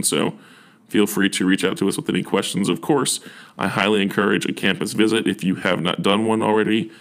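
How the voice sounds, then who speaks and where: Speaking in a low register with some vocal fry, a young university admissions officer gives sincere, supportive advice. The talk is casual, and he often uses fillers and starts sentences over.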